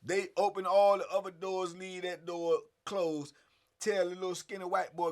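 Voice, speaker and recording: A middle-aged man telling a story in casual streetwise slang, animated and acting out the scenes. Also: high-pitched, normal speed.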